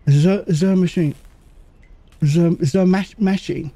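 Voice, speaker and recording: A man casually commentating a game as he plays, muttering to himself and making quick jokes. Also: high voice, warm tone, no echo. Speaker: gaming channel host. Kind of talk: casual let's-play commentary.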